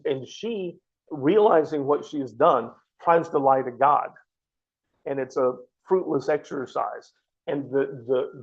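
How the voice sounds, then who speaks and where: A man's voice: fairly high pitch, creaky, slightly rough, highs cut off. A man teaching a Bible study class, earnest and explanatory, often restarting his sentences. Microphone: microphone.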